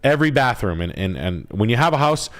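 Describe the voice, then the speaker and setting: A man hosting a live stream, rambling in crude, joking talk that comes out in quick bursts. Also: mid-range voice, big pitch swings. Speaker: livestream host, realtor.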